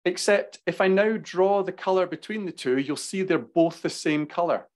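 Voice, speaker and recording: Man, Glaswegian Scottish accent, somewhat high voice, business presentation, quick and passionate. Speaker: business speaker. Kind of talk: presentation with slides.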